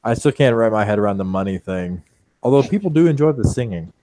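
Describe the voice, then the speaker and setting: A man playing a broke newcomer who makes dry, deadpan jokes in a tabletop game. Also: fairly low pitch, quick pace, natural voice. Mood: wry.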